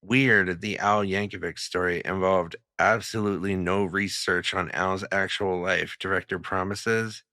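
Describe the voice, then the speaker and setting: Low-voiced man cracking wise on a podcast. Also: steady tone, measured pace, hardly any pauses, bright, forceful tone, no echo, clean studio sound. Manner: loose, swearing, self-mocking. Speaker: podcast co-host. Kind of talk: casual chat.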